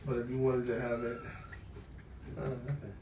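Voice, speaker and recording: In a relaxed studio conversation, a man who owns the studio discusses business with slangy talk that drifts off and picks back up. His mid-range voice is flat and moderately paced. The lo-fi audio comes from a distant mic, roomy with faint noise.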